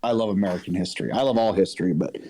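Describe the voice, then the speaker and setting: A man's voice: low voice, racing, a crowd in the background. A man in casual podcast chat, laid-back and swearing freely. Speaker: podcast guest.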